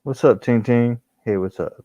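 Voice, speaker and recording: A man's voice: medium pitch, moderate pace, dry recording. A man calling into a livestream, talking bluntly and crudely and laughing through the banter. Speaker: guest caller. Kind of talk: casual livestream chat. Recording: dry, dull lo-fi call audio.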